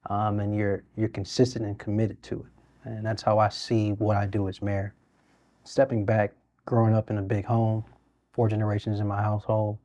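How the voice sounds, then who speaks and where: A man's voice: lowish voice, dark tone, no echo, muffled recording. A man, a mayor speaking earnestly and steadily in a studio interview. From Birmingham, Alabama. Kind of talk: interview conversation.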